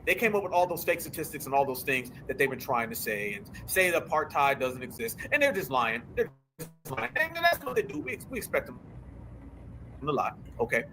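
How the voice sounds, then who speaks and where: Animated high-voiced male commentator. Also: brisk, slight background noise. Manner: animated, sarcastic, slangy. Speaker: host. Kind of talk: political commentary show.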